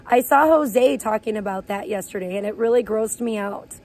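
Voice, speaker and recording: A woman live streamer ranting in blunt, crude, gossipy chat and sometimes breaking into high playful chants. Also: normal speed, darkish tone, a little hiss or hum. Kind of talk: casual IRL livestream chat.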